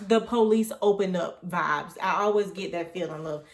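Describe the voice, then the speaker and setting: A woman's voice: lowish voice, normal speed, a little hiss or hum. A young woman telling a story in a casual, chatty way that wanders off on tangents as she relives what happened. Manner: chatty, digressive, animated retelling. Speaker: vlogger. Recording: echoey room.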